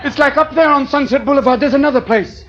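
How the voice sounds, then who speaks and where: A male stand-up comedian doing a manic, rapid-fire improvised routine, jumping into voices and shouts on a club stage. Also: extremely high pitch, dull audio. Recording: loud crowd laughter, noisy live room. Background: audience laughing.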